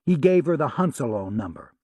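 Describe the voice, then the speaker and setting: A man reading a novel aloud as an audiobook narrator, steady and expressive. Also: mid-range voice, fairly quick, breathy edge, no echo, clean studio sound. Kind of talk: scripted narration.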